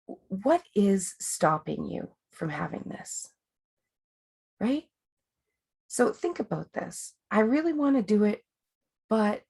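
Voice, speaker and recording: A woman's voice: mid-range voice, vocal fry, darkish tone, slightly rough. A woman life coach hosting a webinar, talking in a chatty, rambling way with many fillers and restarts. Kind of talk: casual coaching talk.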